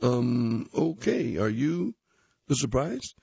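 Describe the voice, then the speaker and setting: A man's voice: mid-range voice, big pitch swings, slow, gravelly, mellow, slightly rough, dry recording, muffled recording, heavily acted. A man voicing a tired, earnest teenage boy hockey player in a read-aloud story, with hesitant, breathless replies.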